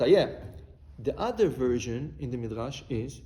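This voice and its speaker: A rabbi's male voice, a little slow but lively in pitch, delivers a sermon through storytelling, sprinkling Hebrew into English and letting out occasional loud cries. The audio has the faint ambience of a large, roomy hall.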